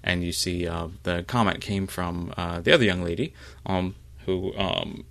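A man narrating a tabletop role-playing game as game master, halting, with frequent fillers. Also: deep voice, fairly even intonation, gravelly, a bit bright.

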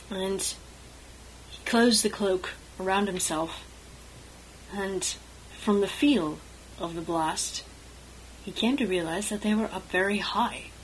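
A woman telling an improvised fantasy story, measured and thoughtful, now and then pausing to rephrase. Her pitch sits in an ordinary middle range. A faint hum of room noise runs underneath. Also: rough recording.

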